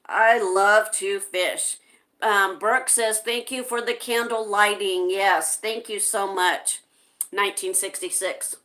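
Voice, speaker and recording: An American woman hosts a livestream, chatting casually and slowly as she reads viewer comments aloud, laughing often. Her voice is medium in pitch, steady, pushed and bright.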